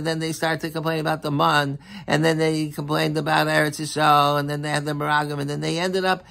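A man giving a sermon as a rabbi, speaking in an animated, emphatic way and often repeating himself. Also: on the high side, creaky. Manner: animated, emphatic, with frequent repetition.

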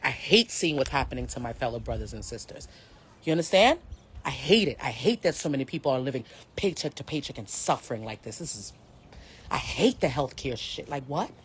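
A woman from the United States speaks low but with wide, lively swings in pitch. She vents to her live-stream audience in a heated, blunt way, swearing freely. A faint hum of background noise sits under her voice. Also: fairly quick. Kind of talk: casual live-stream rant.

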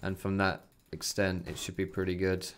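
Young guy, kinda low voice, chill gameplay chatter with swearing, faint keyboard clicks behind. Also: monotone, normal speed, a little hiss or hum. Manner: chatty, loose, swears freely. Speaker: gaming commentator. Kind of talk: casual gameplay commentary. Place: bedroom at home. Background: keyboard and mouse clicks.

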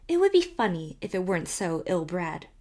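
A woman's voice: on the low side, sing-song, moderate pace, darkish tone. A woman voicing a prim, gossiping older village woman who disapproves with tolerant, mock-pleasant airs. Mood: disapproving.

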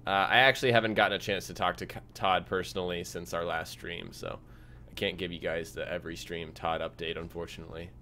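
Young male streamer, low-voiced, easygoing live chat over gameplay, faint hiss behind. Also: fast talker. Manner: relaxed, reads chat aloud, frequent fillers.

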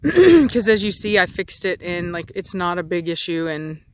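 A woman's voice: on the low side, very animated, normal speed, clear, resonant tone. A woman dog breeder talking casually outdoors, rambling with many fillers and restarts. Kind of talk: casual outdoor vlog chat. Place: outdoors in a yard with dogs.

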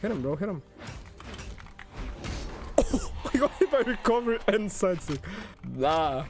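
A man commentating his own fighting-game stream, excitable and swearing, yelling at big plays. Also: sits high, measured pace, faint music behind.

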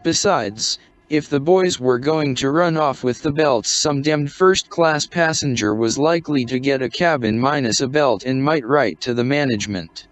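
A man reading a short story aloud in a measured, scripted narration. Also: mid-range voice, no room sound. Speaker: audiobook narrator. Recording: dry, dull lo-fi recording.

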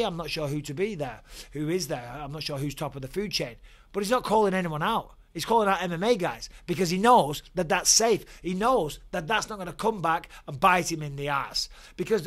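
Casting: forties bloke, fairly high voice, blunt and sweary, off-the-cuff vlog rant. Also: male voice, fairly bright tone. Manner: blunt, profane, heated. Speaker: YouTube host, former fighter. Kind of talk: casual opinion vlog rant.

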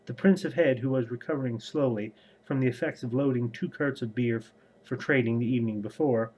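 A man's voice: mid-range voice, a little mellow, rough recording. A man hosting a casual book vlog, rambling conversationally and then reading a fantasy chapter aloud. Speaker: book vlogger.

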